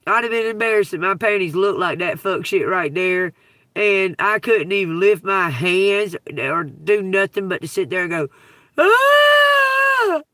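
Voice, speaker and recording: A woman telling profane, laughing stories on a casual livestream, breaking into loud outbursts. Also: on the low side, normal speed, no echo, distant mic. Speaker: livestream host. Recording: dry, from away from the mic.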